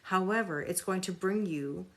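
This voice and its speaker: A woman's voice: lowish voice, normal speed, a bit bright. A woman hosting a live tarot reading, talking casually with viewers in a sarcastic, chatty way and reading card meanings aloud.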